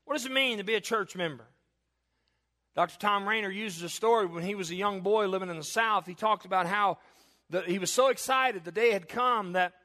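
Preaching in church, a man with a high voice reads scripture slowly and with strong emphasis before praying quietly in a hushed tone.

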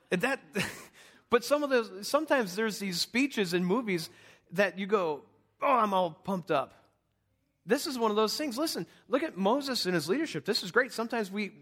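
A middle-aged man with a slightly higher voice preaches a sermon in a loose, conversational way. He breaks into little acted-out voices for the people in the story and keeps it animated. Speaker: pastor.

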